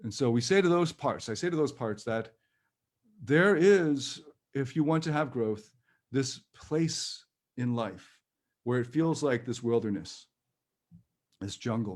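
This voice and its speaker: A man leading a live-streamed personal growth workshop, talking in a gentle, reassuring and chatty way with light laughs. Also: mid-range voice, animated, measured pace, pauses often.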